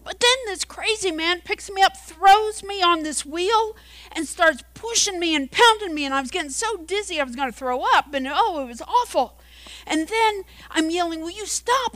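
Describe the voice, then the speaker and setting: A woman's voice: extremely high pitch, animated, normal speed, fairly bright tone, pitched above the performer's own voice. A woman voicing a little male teacup in a children's story, whiny, dramatic and pleading. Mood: distressed pleading. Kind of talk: storytelling within a sermon.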